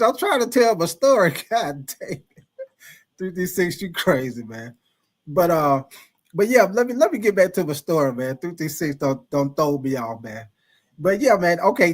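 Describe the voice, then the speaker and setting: A man hosting a livestream, casually telling a profane story to his chat, laughing often and calling out viewers by name. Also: sits high. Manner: animated, laughing, profane, calls out chat names. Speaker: livestream host.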